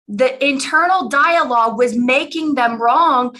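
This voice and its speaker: Bright-voiced woman telling a personal story. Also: on the high side, moderate pace, low-quality recording. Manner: candid, emotional, conversational with fillers and laughs. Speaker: business coach.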